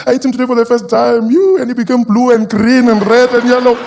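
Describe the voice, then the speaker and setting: A man's voice: very high-pitched, quick pace, creaky, darkish tone, voice pushed up. Man doing a tearful, wailing old grandmother. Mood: tearful pleading. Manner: wailing, repetitive protests. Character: distraught elderly grandmother, tearful and pleading.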